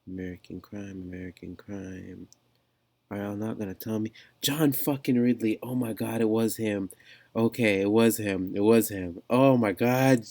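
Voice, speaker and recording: A man's voice: fairly low pitch, a little slow, darkish tone, no room sound. A man doing casual reaction commentary in a vlog, reading an article aloud and ranting incredulously with many restarts. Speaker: commentary vlogger.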